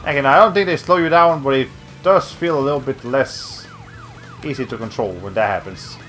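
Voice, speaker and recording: Over soft background music, a young man talks through his video game stream in a loose, rambling way, breaking off mid-sentence and using lots of fillers. His voice is mid-range, a bit bright, at normal speed.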